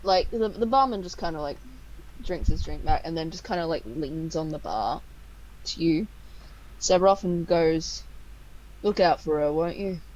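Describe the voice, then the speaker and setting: A woman narrating as game master of a tabletop game, halting with fillers and restarts. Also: sits low, lively intonation, a little mellow, highs cut off.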